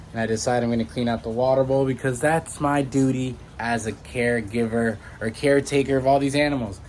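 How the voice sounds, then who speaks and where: Male vlogger, average pitch, loose and chatty, self-correcting, phone mic indoors with faint ambient noise. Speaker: vlogger and reptile keeper. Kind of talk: casual walkthrough vlog. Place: indoor room with reptile tanks. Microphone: handheld phone.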